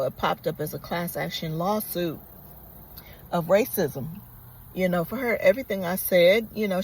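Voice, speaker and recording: A woman's voice: lowish voice, a little mellow, slight background noise, rough recording. A woman vlogger telling a personal story in a casual, earnest and reflective way, rambling with many fillers.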